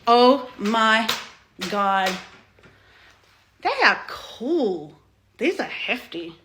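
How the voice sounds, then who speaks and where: A woman in her thirties from Australia, casually unboxing on her vlog, excitable and gushing, swearing freely. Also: on the high side, very slow, noisy background. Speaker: vlogger.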